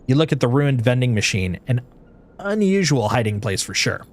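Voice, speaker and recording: A man's voice: mid-range voice, very animated, moderate pace. A man streaming a story game, reading its narration aloud with expression and breaking off for playful asides.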